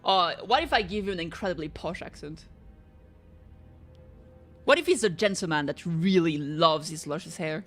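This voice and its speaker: A woman's voice: lowish voice, lively intonation, moderate pace, pauses often, faint music behind. Woman streamer reading game lines aloud. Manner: reads dialogue aloud, jokes about not doing accents. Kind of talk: casual game playthrough with voiced reading.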